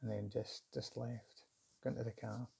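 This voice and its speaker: A middle-aged man telling a personal story in a candid, halting, reflective way. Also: medium pitch, level tone, vocal fry, darkish tone, husky. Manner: candid, halting, self-searching. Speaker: vlogger recounting a job interview.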